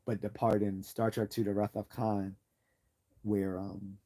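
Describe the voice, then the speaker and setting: A man's voice: on the low side, flat delivery, slow, dark tone. A man hosting a livestream, talking in an earnest, enthusiastic way that rambles with frequent restarts. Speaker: livestream host. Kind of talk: casual livestream commentary.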